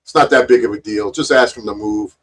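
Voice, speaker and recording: A man's voice: fairly low pitch, fairly quick. A man giving casual, sarcastic commentary on a video, mocking the people in it and swearing freely. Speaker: co-host reacting to a video.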